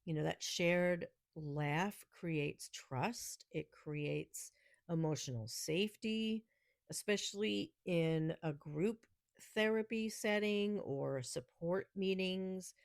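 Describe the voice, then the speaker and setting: Woman, New York accent, unhurried delivery, snarky and sarcastic, podcast host, dry close sound. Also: fairly low pitch, gravelly, no echo. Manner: laughs often between remarks. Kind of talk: casual solo podcast talk.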